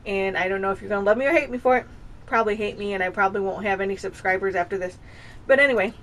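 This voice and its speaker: A woman's voice: medium pitch, very fast, a bit bright, a little hiss or hum. A woman in her thirties talking at home in a casual personal vlog, rambling and confessional, often circling back and restarting her sentences. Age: 30s. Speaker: vlogger. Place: home with dogs nearby.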